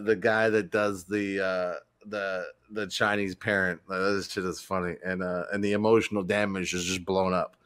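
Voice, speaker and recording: A man's voice: on the low side, a bit bright, smooth. A man co-hosting a gaming podcast, telling a rambling story in casual chat, swearing and acting out quotes. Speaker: podcast co-host.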